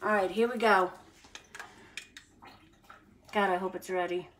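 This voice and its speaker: A woman's voice: medium pitch, fairly even intonation, unhurried, a bit bright, distant mic. A woman hosting a casual cooking livestream from her home kitchen, chatting straight to her viewers as she cooks. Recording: noisy home recording with clicks.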